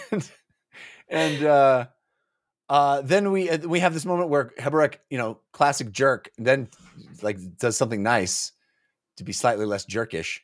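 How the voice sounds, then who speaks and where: A man's voice: mid-range voice, measured pace, long pauses, no echo, studio quality. A man co-hosting a casual book discussion podcast, rambling and playful, with many fillers. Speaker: podcast co-host.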